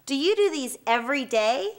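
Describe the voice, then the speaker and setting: A woman's voice: high-pitched, expressive. A woman cheerleader presenting to a school, asking students questions and leading a cheer. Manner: slow, upbeat, leads call-and-response cheers.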